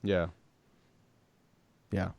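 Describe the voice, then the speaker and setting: A man co-hosting a casual podcast, talking in a rambling way with lots of fillers and animated retellings. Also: drawn-out words, no echo. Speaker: podcast co-host. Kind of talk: casual chat.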